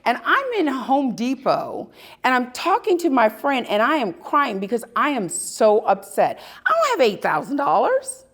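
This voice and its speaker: A woman tells personal stories to a live audience at an expo. She talks slowly, leaning on dramatic pauses, and her pitch swings widely as she stresses her points. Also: slightly rough. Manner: animated, emphatic storytelling with dramatic pauses. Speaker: speaker at a spirituality expo. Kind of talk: live storytelling talk to an audience.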